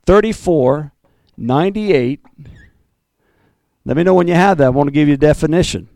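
A man preaching a fiery Pentecostal sermon, swinging from loud bursts to low, intense asides. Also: normal speed, creaky, no room sound. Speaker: pastor.

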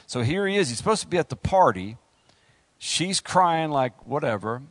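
A man preaching and reading scripture, breaking into lively, joking asides to the congregation. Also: a little high, normal speed, dry recording. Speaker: preacher leading a Bible study.

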